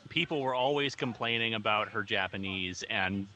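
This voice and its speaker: A man's voice: fairly low pitch, moderate pace, sharp tone, highs cut off. A man chatting earnestly on a film commentary track. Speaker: cast member. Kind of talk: casual commentary chat.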